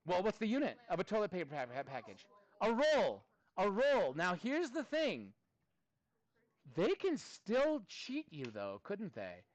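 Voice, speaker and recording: A man in his thirties teaching a math class, chatting with students in a playful, animated way. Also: high-pitched, no room sound. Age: 30s. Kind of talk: classroom lesson.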